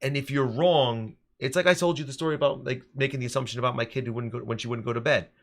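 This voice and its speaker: A man in his thirties, a teacher co-hosting a casual podcast, telling stories in an animated way with frequent restarts. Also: mid-range voice, fast.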